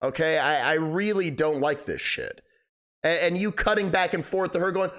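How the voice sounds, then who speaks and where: A man's voice: a little high, big pitch swings, normal speed, fairly bright tone. A young man hosting a live stream, chatting casually and rambling, swearing a lot, his voice cracking. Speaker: livestream host.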